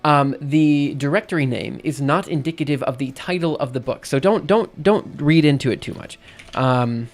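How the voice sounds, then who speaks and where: A man's voice: a little high, moderate pace. A man live-streaming in casual chat, rambling and self-interrupting, often checking in with "right?" between thoughts.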